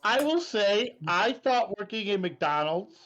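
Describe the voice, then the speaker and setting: A man with a high voice chatting earnestly on a podcast. His microphone sounds dull and lo-fi, and he speaks in a measured, sincere way. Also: sing-song, fairly bright tone. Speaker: podcast co-host. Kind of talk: casual chat. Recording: dull lo-fi mic.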